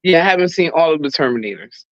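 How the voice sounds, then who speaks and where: A podcast guest chatting casually about movies, in a relaxed, playful, drawn-out way. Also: mid-range voice, no echo. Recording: dull, dry recording.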